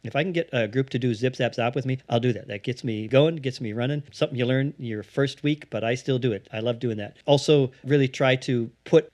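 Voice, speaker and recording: A man, an improv theatre founder, explaining his craft in a casual interview and slipping into quick acted-out bits. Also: mid-range voice, darkish tone.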